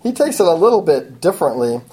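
A woman's voice: lowish voice, very animated, fast talker, mellow, rough recording. A woman teaching a Bible passage in an expository sermon, preaching emphatically and adding frequent asides.

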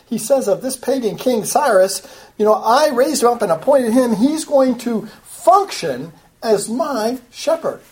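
A woman's voice: fairly high pitch, expressive, a little slow, darkish tone. A woman giving an earnest, explanatory Bible study lecture, walking through a passage verse by verse and building to emphatic urging. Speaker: Bible teacher.

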